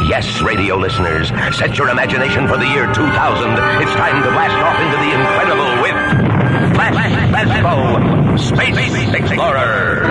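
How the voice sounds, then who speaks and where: A man's voice: on the low side, low-quality recording. A man announcing a parody sci-fi radio serial in an overblown, dramatic delivery. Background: loud music.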